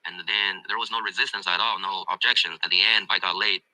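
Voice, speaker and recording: A man from China with a Chinese accent, giving a halting testimonial as a coaching student. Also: sits low, steady tone, sharp tone, dry recording, rough recording.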